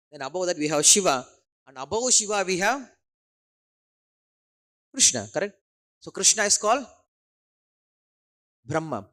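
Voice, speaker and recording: A man's voice: a little high, fairly bright tone. A man preaching a sermon, often repeating phrases and checking in with his listeners. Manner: questioning the audience with tag words like "huh?".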